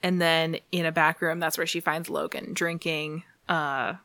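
A woman's voice: low voice, level tone, measured pace, sharp tone, no echo. A woman casually recapping a comic story, laughing often and dropping to a whisper for asides. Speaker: podcast host recapping comics. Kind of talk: casual chat.

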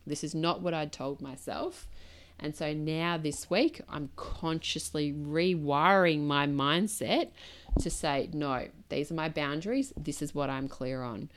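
Low-voiced reflective woman podcaster. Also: a little slow. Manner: candid, reflective, conversational with many asides. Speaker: podcast host. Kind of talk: solo podcast monologue.

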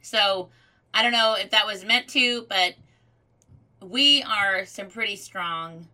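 Bright-voiced woman co-hosting a faith show. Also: medium pitch, slow, low-quality recording. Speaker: radio show co-host. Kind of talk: casual chat.

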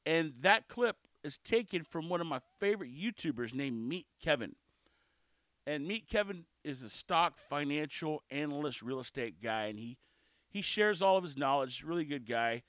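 Chatty man with lively pitch. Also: moderate pace, no echo, studio quality. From South Texas. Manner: chatty, cheeky, animated storytelling. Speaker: podcast host. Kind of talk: casual solo podcast chat.

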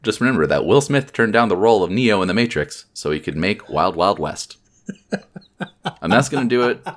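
A man hosting a casual podcast, wrapping up the episode in a relaxed, rambling way with plenty of fillers. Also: on the low side, fairly quick. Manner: laid-back, rambling sign-off with fillers. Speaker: podcast host.

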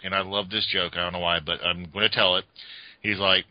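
A man chatting on a podcast in a low voice, rambling along with lots of fillers and false starts. The sound is dull and lo-fi, and it is very dry, with no room at all. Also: steady tone, fast, no echo. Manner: rambling, many fillers and restarts. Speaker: podcast co-host. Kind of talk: casual podcast chat.

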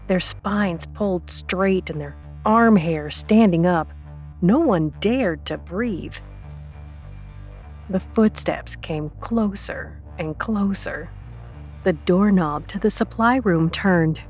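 A woman narrating an audiobook in a calm, steady reading voice. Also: fairly low pitch.

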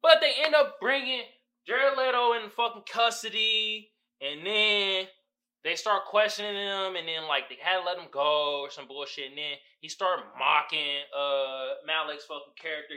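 A man's voice: high voice, normal speed. A man hosting a podcast, recapping a movie in a casual, profane, joking way. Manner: animated, profane storytelling with frequent laughter. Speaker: podcast host.

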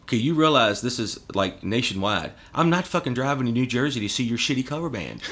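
A podcast guest with a mid-range voice talks fast, barely pausing, in a casual chat. He's a lively storyteller who swears a lot and acts out quotes.

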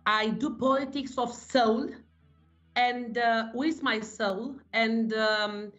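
A Romanian-accented woman speaks English as a second language, slowly and earnestly, stopping often to find her words. Her voice sits a touch high. The sound is a little muffled and lo-fi. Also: fairly even intonation, fairly bright tone, soft background music. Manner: halting, many fillers, earnest. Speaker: senator guest. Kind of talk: remote interview answers.

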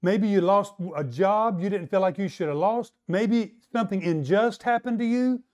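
A man preaching a sermon who asks his listeners for responses, acts out quoted voices, and slows down, climbing higher and louder to stress a point. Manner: rising to a higher, louder pitch to stress points, slowing on key lines. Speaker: pastor.

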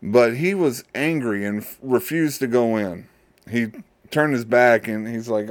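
A man hosting a show who casually retells a Bible story, halting and repeating his words. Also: mid-range voice, dry recording. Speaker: host.

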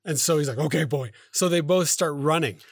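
A man co-hosting a podcast, retelling a story in a rambling, halting way full of fillers and self-corrections. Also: fairly high pitch, no echo, studio quality. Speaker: podcast co-host. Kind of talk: casual storytelling chat.

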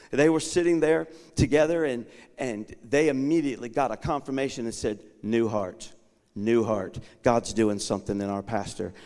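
Preaching man in a reverberant sanctuary. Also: a little high. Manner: dramatic storytelling, acting out dialogue; swings from quiet asides to shouted proclamation. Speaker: guest bishop preaching. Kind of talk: sermon. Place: church sanctuary. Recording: long reverb of a large sanctuary.

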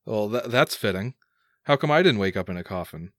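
A man's voice: fairly low pitch, animated, brisk, a bit bright, dry recording, studio quality. A man voicing a cheerful young son who has died, talking in a jokey, nervous way with laughs. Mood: teasing.

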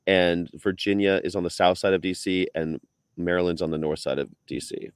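A man's voice: deep voice, steady tone, clean tone, no echo, clean studio sound. A man hosting a casual video-call chat, talking in a chatty, playful way. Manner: chatty, playful, does quick impressions. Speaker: host. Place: on the road in Virginia.

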